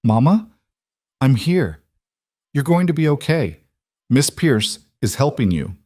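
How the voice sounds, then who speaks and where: A blunt eight-year-old girl, voiced by a man raising his pitch, talks in a flat and eerily calm way. Her storybook voice sits higher than the narrator's. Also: slow pace, no echo, studio quality. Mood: pleading. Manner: flat, quiet voice.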